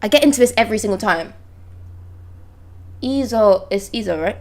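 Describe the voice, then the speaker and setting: A woman's voice: medium pitch, animated, normal speed, darkish tone. A woman on a live stream talks casually into a close desk microphone. She is chatty and blunt, swears freely, and reads panels aloud in between her reactions. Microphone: close desk mic.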